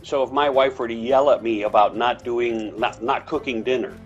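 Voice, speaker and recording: A man's voice: fairly even intonation, moderate pace, muffled recording, faint music behind. A man co-hosting a casual talk about relationships, telling anecdotes and acting out bits of dialogue. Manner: storytelling, acts out dialogue with big pitch jumps. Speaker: podcast co-host.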